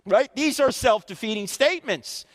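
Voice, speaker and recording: Animated high-pitched man lecturing in a hall. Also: moderate pace. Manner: animated, quizzes the audience with questions. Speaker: Christian apologetics speaker. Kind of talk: live lecture to a student audience. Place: university auditorium. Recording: reverberant hall.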